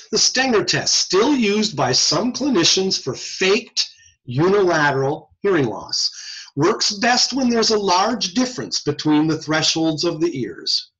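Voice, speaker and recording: A man's voice: a little high, a bit bright. A man lecturing a class on hearing tests, asking his students rhetorical questions. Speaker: audiology lecturer. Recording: muffled lo-fi lecture recording.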